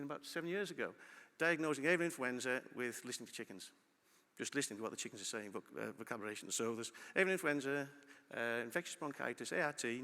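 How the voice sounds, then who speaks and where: A middle-aged man giving a lively conference talk and asking the audience questions. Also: medium pitch. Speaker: conference speaker. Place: large conference hall. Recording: long hall reverb.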